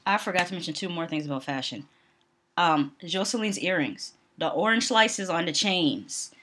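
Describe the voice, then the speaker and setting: A woman's voice: on the low side, lively intonation, moderate pace, a bit bright, slight background noise. A young adult woman from the Northeastern US, giving casual commentary on a reality TV show in her vlog. She is blunt and opinionated, laughs often and fills her talk with "um"s. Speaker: vlogger.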